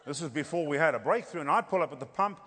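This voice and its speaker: A man's voice: on the high side, expressive, fast, bright, forceful tone, slightly rough. Playful man, echoey hall. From South Africa. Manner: playful, acts out dialogue, rhetorical "Hello?" asides. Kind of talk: humorous storytelling sermon. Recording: long hall reverb.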